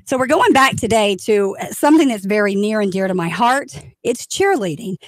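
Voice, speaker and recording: A woman hosting a lively radio talk show, enthusiastic and chatty as she cheers her guests on. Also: medium pitch, normal speed, hardly any pauses, no room sound. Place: radio studio. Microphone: studio microphone.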